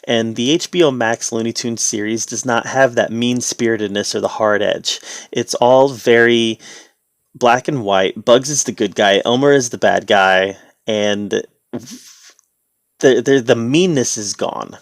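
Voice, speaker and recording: A man giving a casual spoken review, relaxed and conversational, with the odd sarcastic aside. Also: medium pitch, measured pace, dry recording.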